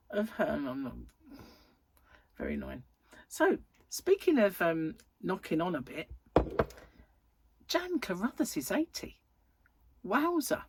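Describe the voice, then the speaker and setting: Husky-voiced woman in her thirties, rambling. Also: on the low side, huge pitch swings, a little slow, long pauses, no room sound. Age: 30s. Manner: rambling and chatty, with frequent fillers. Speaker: crochet vlogger. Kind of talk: casual chat.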